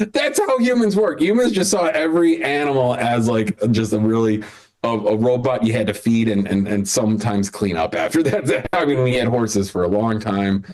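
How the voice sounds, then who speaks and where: Rambling Chicago comedy host. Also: male voice, on the low side, expressive, moderate pace, a little mellow. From Chicago area. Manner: rambling, self-interrupting, laughs at own jokes. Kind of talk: casual hosting banter on a video call.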